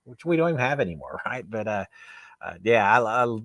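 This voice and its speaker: A man's voice: fairly low pitch, very animated, brisk, a bit bright, no room sound, studio quality. A man hosting a live show, chatting casually and reading viewer comments in a rambling, self-deprecating way with frequent laughs. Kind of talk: casual live-stream chat.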